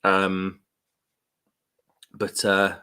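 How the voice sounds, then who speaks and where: A man with a British accent hosting a casual live stream, chatty and rambling, with quick laughs and slangy asides. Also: deep voice, monotone, sharp tone, clear, resonant tone. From United Kingdom. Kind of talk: casual live stream chat, reading viewer comments. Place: room at home.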